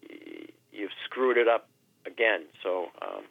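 A man in his sixties, a radio guest, speaking haltingly and emotionally, repeating words and with his voice sometimes breaking. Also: low-pitched, huge pitch swings, gravelly, no echo. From New Hampshire. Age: 60s. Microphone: telephone. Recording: tinny phone line.

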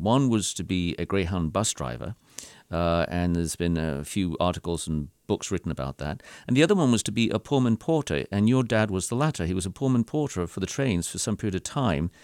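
A man hosting a radio interview show, speaking in a measured way and murmuring as he listens. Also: fairly low pitch, darkish tone, dry recording.

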